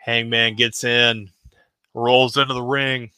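Guy telling a wrestling story, excited play-by-play, bright voice, dry sound. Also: medium pitch, takes it slowly, clear, resonant tone, dry recording, soft background music. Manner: excited, animated, casual. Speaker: podcast host narrating.

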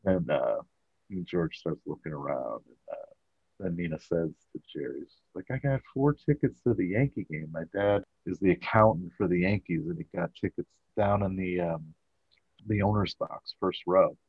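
A man's voice: low-pitched, moderate pace, husky, dry recording. A man casually recapping a sitcom episode as a podcast host, rambling with many fillers. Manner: rambling, filler-heavy storytelling. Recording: dull, dry audio.

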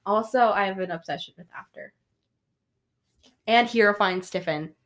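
A woman's voice: mid-range voice, moderate pace, fairly bright tone. A young adult woman co-hosting a podcast, chatting in a giggly, rambling way. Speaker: podcast co-host. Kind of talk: casual chat.

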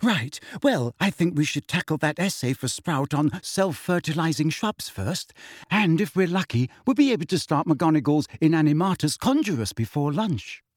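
A man voicing a clever, anxious teenage schoolgirl witch in a raised, hushed, urgent voice in a storybook reading. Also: fairly high pitch, animated, normal speed, no room sound, studio quality, voice pushed up.

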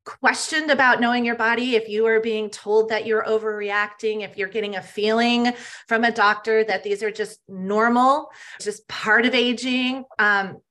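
A woman's voice: fairly high pitch, fairly even intonation, normal speed, a bit bright. A middle-aged woman, a health coach, speaking earnestly and emphatically as a podcast guest and often adding "right?". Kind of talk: podcast interview.

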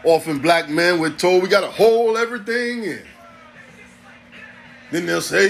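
A man's voice: high-pitched, expressive, slow pace, vocal fry, long pauses, fairly bright tone, soft background music. A man, hosting a podcast in a blunt, profane, streetwise ranting monologue. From New York City. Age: 40s. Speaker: podcast host.

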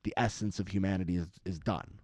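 A rather low, mellow male voice, young, rambling freely through casual political talk, swearing often and jumping up in pitch to mock others. The sound is dry and close, with no room around it. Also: steady tone, quick pace, no room sound. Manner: rambling, profane, mimics other people in raised voices. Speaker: podcast co-host.

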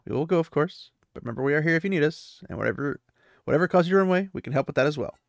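A man's voice: on the high side, animated, racing, gravelly, dry recording, studio quality. A man voicing a polite, courteous young nobleman.

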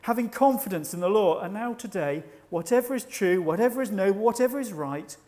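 A man preaching a sermon at a church service, measured and reflective, slowing down to stress key words. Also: sits high, animated, a little mellow. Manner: measured, reflective, slows for emphasis.

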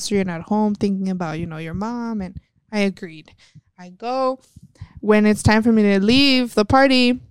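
Smooth, dry-voiced woman telling blunt stories. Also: medium pitch, no echo. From West Texas. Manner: blunt, swears freely, acts out quoted dialogue. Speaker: guest, professional wrestler. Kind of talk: candid storytelling chat.

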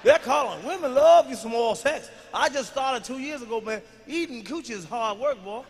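A man doing a stand-up comedy set on stage before a live audience, telling loud, profane stories that build to shouting. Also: very high-pitched, expressive, normal speed, breathy edge.

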